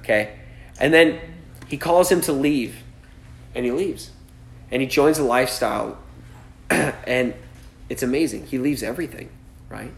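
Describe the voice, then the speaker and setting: A male pastor with a gravelly, middle-pitched voice preaches in a chatty, easygoing way, often tossing in "right?" to check in with listeners. He slips into quick acted voices for characters in the story, laughing as he does. The recording echoes like a roomy space.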